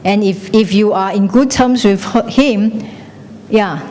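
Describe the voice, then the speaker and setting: A woman's voice: measured pace, a little mellow. A woman teaching a class, chatty, often checking in with "okay?" and slipping into Chinese phrases. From Malaysia. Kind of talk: classroom lecture. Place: classroom hall. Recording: echoey hall with faint rumble.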